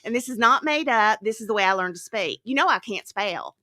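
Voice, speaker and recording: Chatty, bright-voiced woman host. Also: medium pitch, fairly quick. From Tennessee. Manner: lively, chatty, laughs often. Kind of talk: casual chat.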